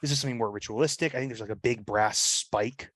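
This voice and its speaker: Man, tabletop player, mid pitch, rambling casual talk, dry recording. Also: quick pace, fairly bright tone, no echo. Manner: rambling, with many fillers like "like" and "right?". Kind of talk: casual chat describing his character's actions.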